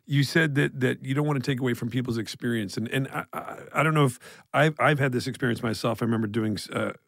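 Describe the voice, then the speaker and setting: A man's voice: medium pitch, fast, creaky, fairly bright tone, no echo. A man in his fifties co-hosting a podcast, teasing and joking in casual chat and swearing now and then. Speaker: podcast co-host.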